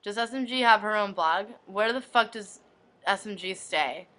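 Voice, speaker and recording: A young woman vlogger flatly reading fan messages from her inbox aloud, one after another. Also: mid-range voice, moderate pace, poor audio. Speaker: video blogger reading fan questions.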